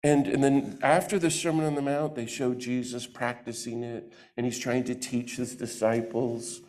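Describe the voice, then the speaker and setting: A man giving a lively talk to a church audience into a microphone, acting out the voices he quotes. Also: medium pitch, normal speed. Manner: animated, acts out quoted voices. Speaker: guest speaker.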